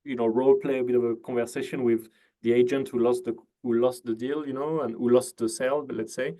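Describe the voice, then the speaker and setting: A man's voice: medium pitch, fairly even intonation, a little fast, dark tone. A man hosting a casual interview, easygoing, filling gaps with "you know" and "uh". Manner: easygoing, lots of fillers, asks leading questions. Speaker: host. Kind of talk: casual interview on a video call.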